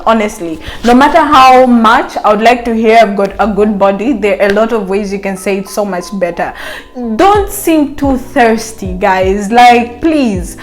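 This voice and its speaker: A woman gives casual dating advice straight to her viewers, playful and teasing. Her voice sits a little high, with soft music faintly underneath. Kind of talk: casual advice chat to camera.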